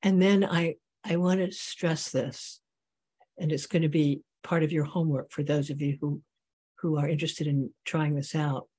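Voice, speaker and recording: Slow, husky meditation teacher. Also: medium pitch, fairly even intonation, mellow. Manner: slow, measured, with long pauses. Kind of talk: dharma talk and guided meditation.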